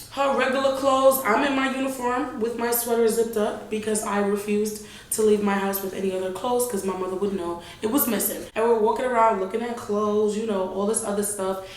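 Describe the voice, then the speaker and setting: A young woman tells a storytime vlog, talking straight to her viewers in loose, animated slang. Her voice sits a little high. The room around her is very echoey. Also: a little hiss or hum. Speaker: vlogger.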